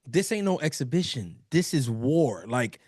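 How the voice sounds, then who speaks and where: A man's voice: mid-range voice, big pitch swings, moderate pace, a little mellow, slightly rough, no echo, studio quality. A man co-hosting a casual sports talk show, chatty and full of "like", dropping the odd Spanish phrase. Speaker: co-host.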